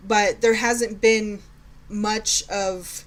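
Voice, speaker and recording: Sarcastic, chatty mom on a podcast. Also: female voice, medium pitch, flat delivery, drawn-out words. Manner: sarcastic, chatty, laughs while telling stories. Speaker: podcast co-host. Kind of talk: casual chat.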